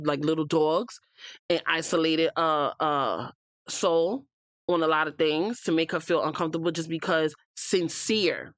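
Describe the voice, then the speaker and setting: A woman's voice: low voice, dry recording. Blunt, swearing American woman ranting. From United States. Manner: blunt, heated, swears freely, talks straight at cast members. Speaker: reality TV recap host. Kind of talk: opinionated casual recap.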